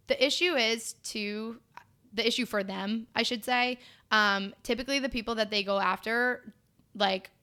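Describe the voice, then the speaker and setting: A young woman in her twenties, a podcast guest telling her story in casual chat, blunt and animated, with lots of fillers. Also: on the high side, normal speed.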